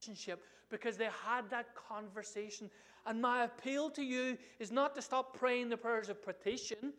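A man preaching a sermon in an animated way, often asking the congregation questions. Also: very high voice, normal speed.

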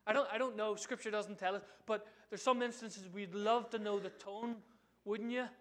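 A man preaching a sermon in an animated way, often asking the congregation questions. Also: high voice, moderate pace.

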